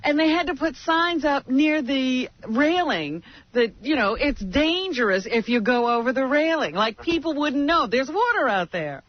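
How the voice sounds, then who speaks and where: A man co-hosting a radio show in casual banter, chatty and quick to laugh. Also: very high-pitched, expressive. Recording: muffled radio broadcast audio.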